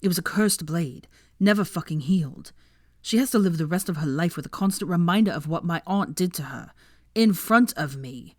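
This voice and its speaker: A woman doing a guilt-ridden young man, low and dry. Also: animated, normal speed, no echo. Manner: urgent, pained, swearing. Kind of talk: fan fiction reading.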